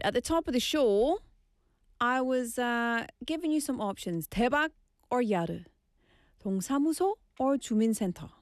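A chatty middle-aged woman hosting a radio show, with a fairly high voice and a playful, bantering manner. She drops Korean words into her talk. The studio sound is dry and close. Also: dry recording. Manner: chatty, playful, switches between English and Korean. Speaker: radio host. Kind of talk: casual radio show chat. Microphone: studio microphone.

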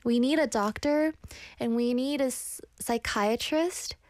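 A young woman radio DJ chats casually and pokes fun at herself, her voice set a touch high. She sounds a little out of breath. The studio sound is close and dry. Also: measured pace, darkish tone, dry recording. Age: 20s. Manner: chatty, self-deprecating, reads viewer comments aloud. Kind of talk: casual live radio chat.

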